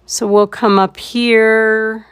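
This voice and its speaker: A woman's voice: on the high side, flat delivery, very slow, smooth. A woman leading a live painting tutorial, laid-back and thinking aloud as she works. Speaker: painting instructor.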